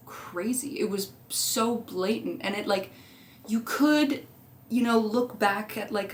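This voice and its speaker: A woman's voice: mid-range voice, a little hiss or hum. A young woman chatting casually as a vlogger, rambling through tangents and swearing freely. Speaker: movie rewatch vlogger. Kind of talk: casual chat.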